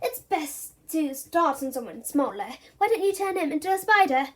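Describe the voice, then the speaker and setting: A woman's voice: high-pitched, sing-song, normal speed, pitched above the performer's own voice. A woman voicing a cheeky, scheming young boy with a sly, mocking manner in a storybook reading.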